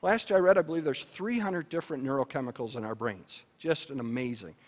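A man speaking at a luncheon, giving an educational talk to parents in an animated, storytelling manner. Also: brisk. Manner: animated storytelling with shifts in pitch and loudness. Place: banquet hall. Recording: reverberant hall.

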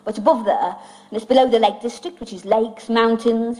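Her voice is a little high and dark in tone, with fairly even intonation and a fairly quick pace. She's an English comedian performing comic songs and dry, self-deprecating stand-up to an audience, captured on an old vinyl record with music and audience audible.

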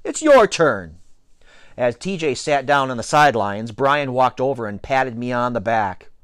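A man reading a children's novel aloud with expressive storytelling and playful asides. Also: mid-range voice, moderate pace, clear, resonant tone, no echo, clean studio sound. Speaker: reader.

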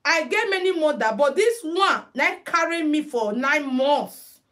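Expressive and unhurried, a Nigerian woman with a high-pitched, slightly bright voice hosts a headwrap tutorial live on her phone. She chats freely, uses Pidgin, and names viewers as she greets them.

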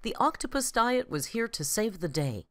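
A woman's voice: medium pitch, big pitch swings, moderate pace, no room sound, clean studio sound. A woman reading a scripted voice-over for a commentary video in a wry, sardonic tone. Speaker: commentary narrator.

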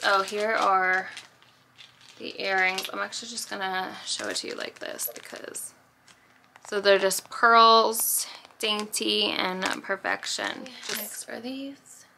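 A woman's voice: medium pitch, fairly even intonation, slow, gravelly, noisy background. A woman chatting casually through a shopping haul vlog. She rambles and pokes fun at herself. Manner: chatty, rambling, self-deprecating. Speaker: YouTube vlogger.

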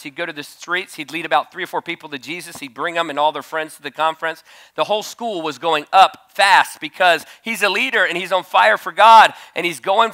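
Gravelly bright-voiced man preaching with surges. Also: sits high. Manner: storytelling preacher, surges to loud shouted peaks. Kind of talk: sermon. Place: conference stage.

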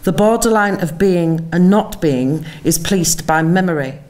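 A woman, an author giving a measured, reflective reading of her own memoir at a conference, with lingering pauses. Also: fairly low pitch, a little mellow. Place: conference venue.

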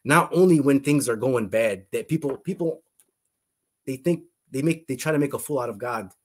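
A man with a husky, slightly rough voice tells a personal faith testimony as an interview guest. His delivery is earnest and fervent, circling back on words and phrases as he searches for what to say. His pitch sits in an ordinary middle range. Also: normal speed. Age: adult. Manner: earnest, fervent, often repeats words and restarts.

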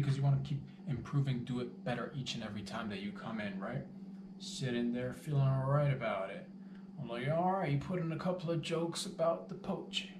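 A man delivers a loose, joking monologue as host of his own show, rambling from one bit to the next and swearing as he goes. He sits back from the mic in an echoey room, and a steady hiss of background noise runs under his voice. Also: mid-range voice, recorded from a distance. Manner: rambling, playful, self-mocking, swears freely. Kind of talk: casual comedic monologue.

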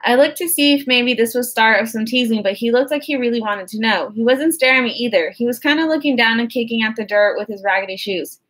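A woman's voice: on the high side, fast talker, hardly any pauses, fairly bright tone. A woman narrating an audiobook in the first person, with a wry, conversational storytelling manner.

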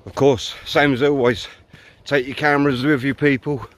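A man's voice: medium pitch, fairly even intonation, normal speed. A man vlogging on a riverside hike outdoors, chatting bluntly and swearing freely. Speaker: hiking vlogger. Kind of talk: casual walking vlog monologue. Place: outdoors on a riverside countryside path.

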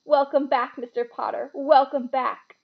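A woman reading aloud and voicing an old male innkeeper who speaks slowly in a hushed, reverent, tearful voice. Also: extremely high pitch, steady tone, vocal fry, highs cut off, voice pushed up, exaggerated voice. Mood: emotional.

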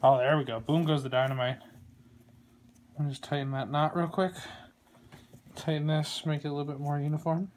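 Guy doing a chill tutorial on his phone, kinda high voice, lots of ums, jokes around. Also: moderate pace, pauses often, a little hiss or hum. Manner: relaxed, rambling, joking, many fillers. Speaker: glove maker demonstrating lacing. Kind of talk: casual how-to tutorial. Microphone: phone camera.

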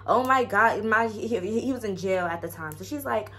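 A young woman vlogger telling an animated, slangy story to her viewers, dropping into low asides. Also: normal speed, few pauses. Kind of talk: casual storytime vlog.

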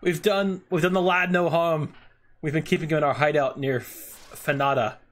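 A man's voice: a little high, fairly even intonation, normal speed, fairly bright tone, lightly acted. A man voicing a cowardly male bandit who begs for mercy in a put-on Scottish accent, frantic and groveling. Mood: grateful. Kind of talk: voicing game dialogue on a stream.

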